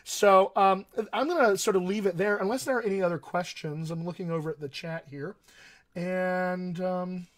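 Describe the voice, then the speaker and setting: A man's voice: high-pitched, steady tone, normal speed. An American man, a dialect coach, teaching actors on a livestream in an earnest, emphatic way and repeating key phrases. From United States.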